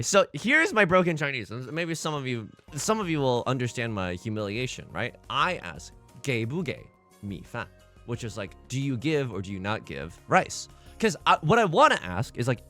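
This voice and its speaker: A young man talks through a game in a casual, rambling way, swinging his pitch up and down as he tells a story. His voice is bright and forward, and he exclaims and laughs easily. Soft game music plays underneath. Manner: animated, excitable, quick to laugh and exclaim. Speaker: gaming video creator.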